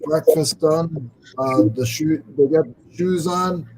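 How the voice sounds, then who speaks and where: A man in his forties with a high, husky voice chats and jokes with his guest. His tone is dark and mellow rather than bright. He keeps the talk light and teasing. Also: slow. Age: 40s. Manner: joking, teasing. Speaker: podcast host. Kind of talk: casual chat. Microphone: video call.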